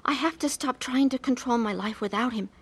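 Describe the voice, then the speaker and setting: A woman earnestly narrating her own life story, acting out her scenes with deep emotion. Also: fairly quick, husky. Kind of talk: dramatized testimony narration.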